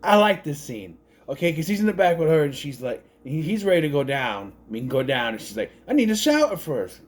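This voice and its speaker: A man reviewing a film in a loose, unscripted way, his pitch swinging up and down a lot as he talks. He rambles, restarts sentences and corrects himself mid-thought. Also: expressive, fairly quick. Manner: rambling, self-correcting, thinks aloud with many restarts. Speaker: movie reviewer. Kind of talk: casual spoken movie review.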